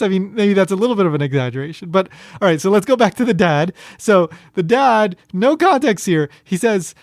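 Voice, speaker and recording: A man's voice: fairly high pitch, animated, moderate pace, dry recording, clean studio sound. A man hosting a podcast in casual commentary, rambling with fillers and restarts and a wry, amused manner. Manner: wry, amused, breaks into chuckles. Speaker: podcast host.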